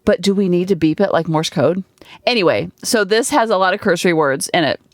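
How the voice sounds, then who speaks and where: Middle-aged lady rambling on her podcast, lively and chatty, super dry close mic sound. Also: fairly low pitch, a little fast, no room sound. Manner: chatty, animated storytelling with many fillers. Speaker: podcast host and coach. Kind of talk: casual podcast monologue. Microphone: studio podcast microphone.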